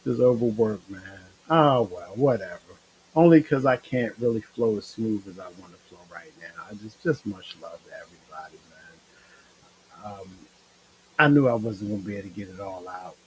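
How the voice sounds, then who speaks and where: A man's voice: lowish voice, animated, moderate pace, a little hiss or hum, poor audio. A tired man hosting a casual live-stream chat, rambling in a laid-back, slangy way with lots of fillers. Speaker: show host.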